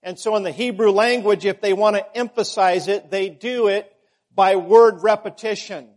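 A man preaching a sermon, measured and emphatic, repeating key words for stress. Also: high-pitched, steady tone, darkish tone.

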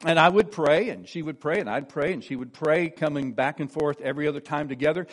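Older guy preaching his own testimony, earnest storyteller, voice sits a bit high, goes quiet and low on the quotes. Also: a little fast. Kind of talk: personal testimony.

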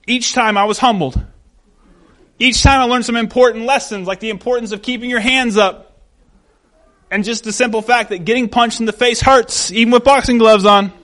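A man's voice: extremely high pitch, fairly even intonation, moderate pace, a bit bright. A man preaching a conversational sermon, acting out the voices of the people he quotes.

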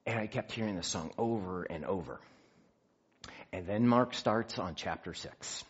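A man in his fifties giving a personal testimony in church, an animated storyteller who acts out conversations and pokes fun at himself. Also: fairly low pitch, a little slow, slightly rough, muffled recording. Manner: animated storyteller, acts out dialogue, self-mocking. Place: church sanctuary.

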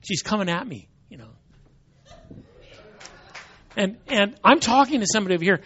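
A man's voice: sits high, big pitch swings, moderate pace, long pauses, a bit bright, slightly rough. A man who speaks as a Christian apologist, telling a humorous story and often repeating words as he goes, in a dull lo-fi recording.

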